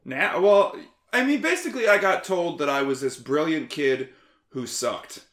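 A man talking as a guest in a casual conversation, animated, sarcastic and freely profane. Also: a little high, moderate pace. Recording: roomy echo.

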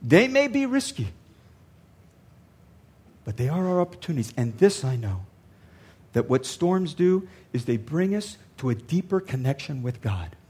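A man's voice: a little high, sing-song, measured pace, pauses often, a little mellow, slightly rough. An older man, a pastor, preaching a sermon earnestly and repeating lines for emphasis.

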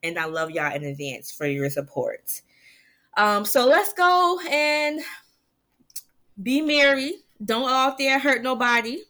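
A woman hosting her own podcast, venting to listeners in a casual, animated way and laughing often. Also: sits high, slow pace. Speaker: podcast host.

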